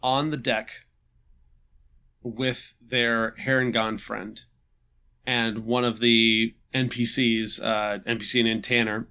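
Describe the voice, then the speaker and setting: A man casually recapping a tabletop game session, halting and restarting with chuckles. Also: fairly low pitch, sharp tone. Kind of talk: casual chat.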